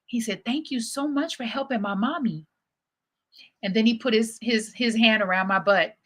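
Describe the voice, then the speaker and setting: A woman hosting her own livestream, telling personal stories in a chatty, lively way and acting out what people said. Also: fairly high pitch, moderate pace. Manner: chatty, lively storyteller who acts out quotes. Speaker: host. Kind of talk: casual storytelling livestream.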